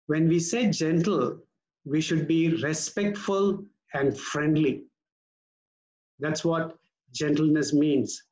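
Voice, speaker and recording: Male pastor, slightly high voice, deliberate unhurried sermon delivery, earnest emphasis. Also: darkish tone, low-quality recording. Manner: measured, earnest preaching with slow emphatic stresses.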